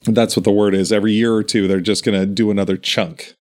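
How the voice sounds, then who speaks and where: A man's voice: fairly low pitch, flat delivery, quick pace, a little mellow. A man chatting casually as a podcast co-host, telling stories in a meandering, enthusiastic way. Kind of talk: casual chat.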